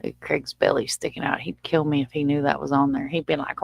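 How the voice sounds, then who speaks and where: A woman's voice: sits low, level tone, fast, vocal fry, slightly rough, no echo. A woman with a Southern US accent hosting a casual livestream, chatting in a folksy way and reading out viewer comments. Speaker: livestream host.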